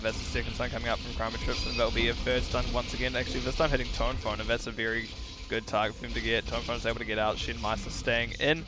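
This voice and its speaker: Male esports caster, New Zealand accent, casual play-by-play, mid-pitched voice. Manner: rapid play-by-play, casual asides. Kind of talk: live esports commentary.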